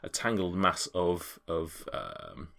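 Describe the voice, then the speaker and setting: A man's voice: low-pitched, very animated, slow pace, creaky, bright, forceful tone. A man narrating a tabletop game as game master, rambling and hesitant with many ums.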